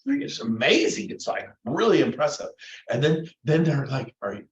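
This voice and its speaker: A middle-aged man giving a lively motivational talk to real estate agents, acting out quotes in different voices. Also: fairly high pitch, normal speed. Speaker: motivational speaker. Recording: roomy, dull lo-fi room recording.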